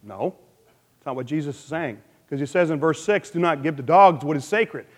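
A man preaching a sermon as pastor, lively and playful, with asides and sound effects. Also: fairly high pitch, normal speed, big-room sound.

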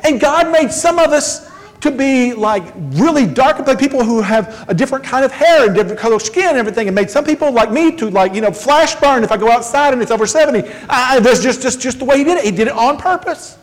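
A man preaches a sermon in a conversational, joking way, tossing in quick asides. His voice rings out with a long hall reverb in a church sanctuary. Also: very high-pitched, expressive. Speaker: pastor.

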